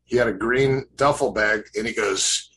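A man in his fifties, a grappling coach appearing as a podcast guest, casually tells rambling stories about his past training, full of fillers and restarts. His voice is lowish and sharp in tone at a moderate pace. The audio is poor, with a little hiss or hum.

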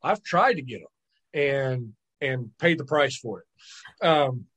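A man, a podcast guest, telling stories in lively casual chat, often repeating words and checking in with "right?". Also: mid-range voice, takes it slowly, breathy edge. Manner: animated storyteller, repeats words and asks "right?". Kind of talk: casual storytelling.

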